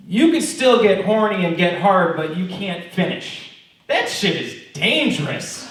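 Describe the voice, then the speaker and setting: A man works through a stand-up set, with profane, mock-earnest storytelling in a somewhat high voice. His voice rings through a heavily echoing room, picked up from well back, with a faint hiss underneath. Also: a bit bright. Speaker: stand-up comedian. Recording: very echoey room, mic far off.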